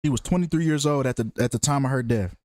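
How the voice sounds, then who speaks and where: A man's voice: mid-range voice, quick pace, a little mellow, slight background noise. A man giving a casual, profane commentary monologue, slangy and emphatic, repeating phrases for effect. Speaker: true-crime numerology commentator.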